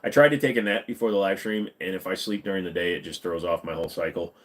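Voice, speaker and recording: A man's voice: sits low, fast. A man in his forties hosting a livestream, chatting casually with viewers in a blunt, profane, rambling way and sounding tired. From United States. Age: 40s. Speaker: livestream host. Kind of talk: casual livestream chat answering viewer comments.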